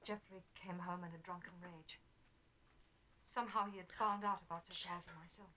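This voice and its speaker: An actress playing a married woman who confesses an affair in a formal, measured way in a TV film drama. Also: on the low side, steady tone, sharp tone, a little hiss or hum, poor audio. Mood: composed.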